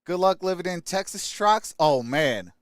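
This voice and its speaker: A man hosting a live stream, chatting casually and greeting viewers by name in an upbeat way. His voice sits high for a man and sounds smooth and clear. The sound is close and dry, with no room around it. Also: animated, measured pace, dry recording. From Michigan. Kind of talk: casual live-stream chat reading comments.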